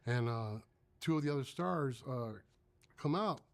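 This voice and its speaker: A man's voice: mid-range voice, a little slow, vocal fry. A man in his thirties casually telling a long story, acting out the other people's voices. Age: 30s. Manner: animated, acts out voices in quotes.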